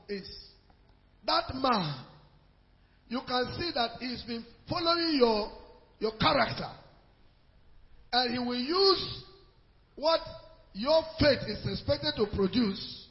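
Slow high-voiced male preacher, echoey hall. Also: lively intonation, slight background noise. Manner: deliberate, emphatic, quotes scripture. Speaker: pastor. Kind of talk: sermon-style answer to a congregation question. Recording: echoey hall, dull lo-fi sound.

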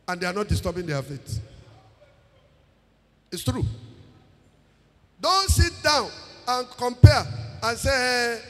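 A man's voice: very high voice, big pitch swings, slow pace, pauses often, a bit bright. A man with a Nigerian accent preaching a sermon, emphatic, repeating phrases and singing out words, slipping into Pidgin. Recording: long reverb of a large hall.

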